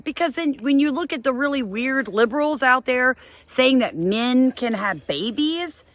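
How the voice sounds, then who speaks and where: Speaking straight to camera, this middle-aged homesteading vlogger delivers a heated, exasperated scolding to her audience, punctuated by abrupt high-pitched outbursts. Her delivery is expressive and a little slow, recorded with no room sound.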